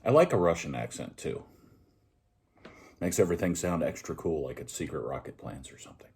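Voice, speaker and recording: A man's voice: extremely low pitch, brisk, noisy background. A man casually chatting as he reviews a pipe, rambling and joking at his own expense while he smokes. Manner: relaxed, rambling, joking at himself. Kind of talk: casual vlog chat.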